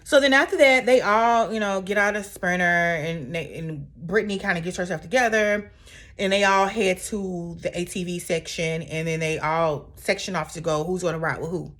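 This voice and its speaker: A woman's voice: fairly low pitch, normal speed, a bit bright. A woman casually recapping a reality TV episode in a chatty, sassy way, full of asides.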